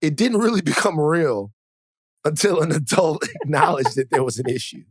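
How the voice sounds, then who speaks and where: A man's voice: fairly high pitch, expressive, normal speed, breathy edge, dry recording, studio quality. A man co-hosting a podcast, telling stories in loose, rambling casual chat, laughing and swearing freely. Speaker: podcast co-host. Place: studio.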